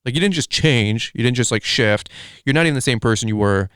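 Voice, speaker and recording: A man hosting a podcast in casual chat, rambling excitably with lots of fillers. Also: mid-range voice, quick pace, clear, resonant tone, no room sound, clean studio sound. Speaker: podcast host.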